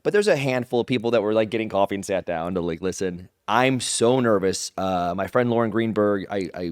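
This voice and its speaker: A man telling stories as an interview guest, animated and rambling, acting out other people's lines in his own voice. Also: on the low side, brisk, clear, resonant tone, dry recording, clean studio sound. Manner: rambling with restarts and "like". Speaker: guest, pro wrestler. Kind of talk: casual interview storytelling.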